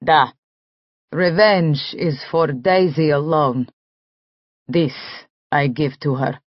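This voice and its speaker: A woman voicing a brooding male assassin, speaking low, clipped broken English in an audiobook. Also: slow, no room sound, highs cut off. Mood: intense. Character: brooding male Russian assassin, intense and possessive.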